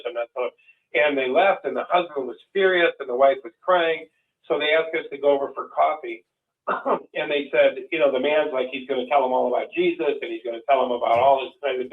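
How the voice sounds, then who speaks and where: Folksy man on a tinny line. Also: mid-range voice. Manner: rambling, folksy, with many restarts. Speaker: co-host of a call-in show. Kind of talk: casual storytelling chat. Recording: distant, phone-like lo-fi sound.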